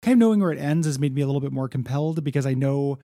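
Gravelly laid-back man chatting comics. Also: mid-range voice, animated, rapid-fire, warm tone, no echo, clean studio sound. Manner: laid-back, rambling with many fillers. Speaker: podcast co-host. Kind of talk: casual comic book discussion.

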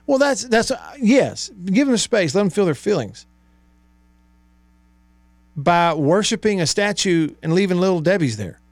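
A man hosting a sports talk radio show in a studio, animated and exasperated, asking rhetorical questions. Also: sits high, unhurried, long pauses, no echo. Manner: animated, exasperated, rhetorical, rising to near shouts. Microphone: studio microphone.

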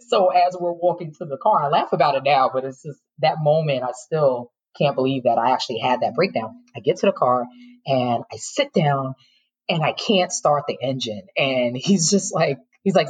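A woman's voice: low-pitched, lively intonation, moderate pace, slightly rough, rough recording. A middle-aged woman, a former teacher, frankly telling her personal story in an interview, with emotion and occasional laughter.

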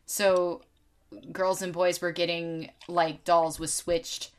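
Animated, profane woman telling stories. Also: on the low side, slow. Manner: animated storyteller, swears freely. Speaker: podcast co-host. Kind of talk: casual chat.

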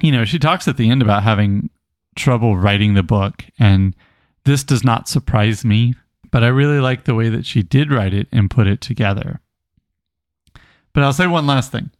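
Animated man retelling a book in dry sound. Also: medium pitch, moderate pace, no room sound. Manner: animated storyteller, reads quotes aloud with emphasis. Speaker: podcast co-host. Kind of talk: casual book club chat.

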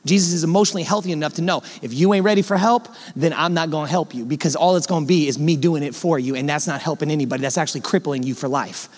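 High-voiced man preaching in a reverberant hall. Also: quick pace, hardly any pauses. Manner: fervent preaching, swinging between loud emphasis and hushed, low asides; colloquial, direct address to the congregation. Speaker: pastor. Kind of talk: sermon. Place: church sanctuary.

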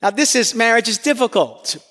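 A middle-aged male pastor from New York preaches with animated, self-deprecating storytelling. His voice sits high for a man, and it rings with a long reverb through a large hall. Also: brisk. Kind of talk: sermon.

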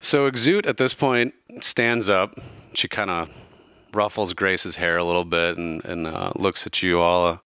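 A man's voice: sits low, steady tone, unhurried, bright, forceful tone, clear, resonant tone, dry recording, studio quality. A man narrating a tabletop game as game master in a casual, loose way, with plenty of fillers.

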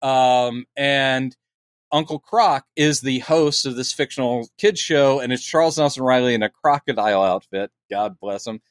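Podcast co-host, man, animated storyteller who acts out lines, dry close mic. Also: mid-range voice, normal speed, no room sound. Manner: animated storytelling, acting out quotes. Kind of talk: casual chat.

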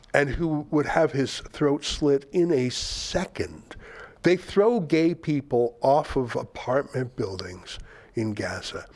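An older man hosting a political commentary show, sarcastic and indignant as he mocks the statements he reads out. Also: mid-range voice.

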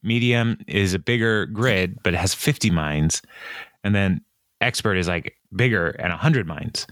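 Low-voiced male co-host, chatty and giggly, close dry sound. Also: unhurried, a bit bright, no room sound. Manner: laughs often, acts out lines in a raised voice. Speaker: podcast co-host. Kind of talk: casual chat recapping a TV episode.

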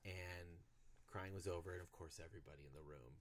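A man in his thirties co-hosting a podcast, telling a story in a casual, animated way with frequent swearing. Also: low voice, fast. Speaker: podcast co-host.

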